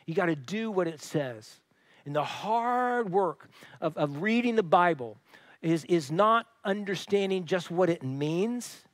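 Male pastor, sermon, high voice, conversational, restarts often, dry close sound. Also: no echo. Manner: conversational storytelling with frequent restarts. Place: church.

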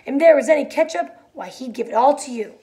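A stern old aunt scolds in a sharp, reproachful way, as a woman reads her aloud. Her voice sits a little high and stays cutting. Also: fairly quick, lightly acted. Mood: scolding.

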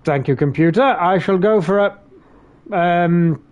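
A man commentating a live game stream, excitable and swearing heavily, jumping between yelps and mutters. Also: sits high, unhurried, highs cut off, background noise.

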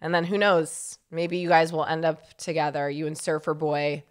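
A woman co-hosting a casual advice podcast, chatty and quick to laugh, reading listener letters aloud. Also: low-pitched, little pitch movement, clear, resonant tone. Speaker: podcast co-host.

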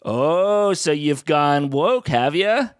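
A man's voice: fairly high pitch, expressive, slow, smooth, no room sound. A man giving sarcastic commentary on sermon clips as a host. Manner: dry, sarcastic.

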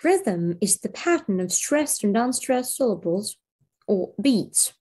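A woman teacher giving a slow, clear video English lesson. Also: mid-range voice, very animated, mellow. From Belarus. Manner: slow, clear classroom delivery.

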